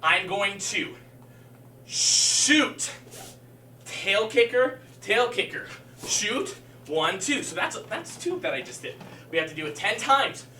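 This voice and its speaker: A man with a bright, high, bouncy voice coaches a live-streamed martial arts workout, counting reps aloud and cheering students on while he does the drills himself. He sounds slightly out of breath. The room is echoey, the mic sits well away from him, and a faint hum runs underneath. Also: expressive, takes it slowly, recorded from a distance.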